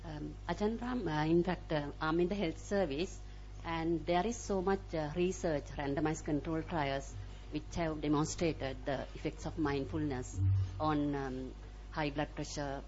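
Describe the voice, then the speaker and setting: A woman's voice: deep voice, a little slow, a little mellow. A woman in the audience asking a question, speaking hesitantly with many fillers. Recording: dull lo-fi recording.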